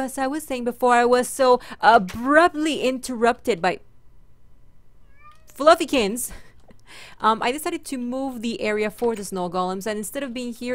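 A woman hosting a gaming channel, chatting casually and playfully through her game and talking to her in-game pets. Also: on the high side. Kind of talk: casual let's-play commentary.

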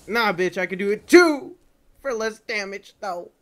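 Young man, game streamer, excitable yelps and shouts, profane, very lively pitch, unhurried delivery. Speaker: gaming streamer. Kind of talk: live game-stream commentary.

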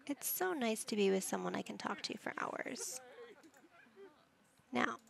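A woman's voice: a little high, sing-song, a little slow, gravelly. A woman gaming YouTuber giving chatty let's play commentary, narrating each move she picks. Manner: chatty, narrating her own game moves.

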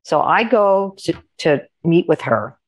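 Her voice is lowish and a little slow as this middle-aged coach, a guest in an interview, tells animated stories conversationally. She voices other people's dialogue as she goes.

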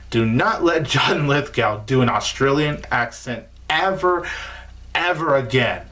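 A man's voice: medium pitch, a bit bright. A man giving a casual spoken movie review in an emphatic, informal way, often repeating himself for stress. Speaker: film reviewer.

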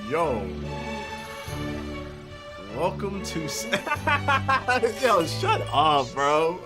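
A young man reacting to a film, excitable and slangy, blurting confused outbursts as he watches. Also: high voice, very slow, pauses often. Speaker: anime reactor. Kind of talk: reaction video commentary. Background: film soundtrack music.

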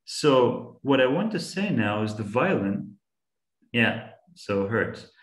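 A man teaches an online science class to young students as a guest speaker, patient and encouraging, asking them questions while he explains. His medium-pitched voice is very animated but slow, and the sound is roomy.

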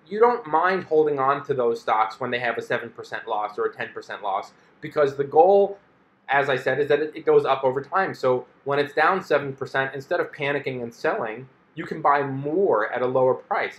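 A man's voice: mid-range voice, lively intonation, fairly quick, echoey room, highs cut off. A man hosting a personal finance video, explaining things in a casual monologue and acting out an investor's inner voice. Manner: chatty, acts out an investor's inner voice in quotes.

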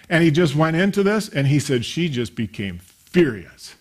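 A man in his fifties preaches to a congregation, his voice sitting a little high for a man. He moves from plain talk into story, putting on the voices of the people in his anecdotes. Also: very animated, moderate pace, few pauses, slightly rough. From grew up attending a small country church. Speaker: pastor. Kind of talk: sermon.

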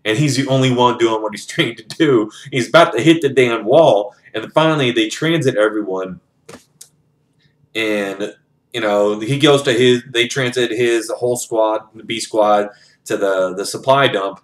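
A man's voice: mid-range voice, a little slow. A man casually retelling a novel's plot in his own words, loose and filler-heavy with some swearing. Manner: loose, profane, many fillers. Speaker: book reviewer.

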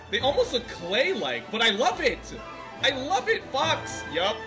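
A man shouting giddy, overexcited exclamations as he reacts live to a video game trailer. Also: extremely high pitch, wildly swooping pitch, measured pace, over music. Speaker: reaction streamer.

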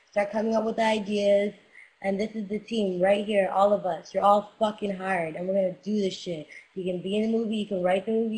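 A young woman talks straight to her fans on a casual livestream, hyped up and swearing freely as she gives them a pep talk. Her voice sits at an ordinary middle pitch for a woman and comes through a webcam mic. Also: darkish tone, rough recording. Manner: hyped, profane, motivational. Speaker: rapper streaming to fans.

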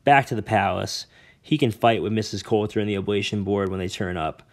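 A man voicing a fierce, defiant young girl who talks in a rough dialect, close to tears. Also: on the low side, fairly quick, natural voice. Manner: rough dialect speech, ain't and me own.

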